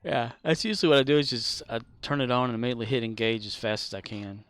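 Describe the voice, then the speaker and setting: A man's voice: medium pitch, quick pace, fairly bright tone, clean tone. A man streaming a game, chatting casually and sleepily with his viewers in a laid-back drawl. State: sleepy, keeps yawning. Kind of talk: casual chat while playing.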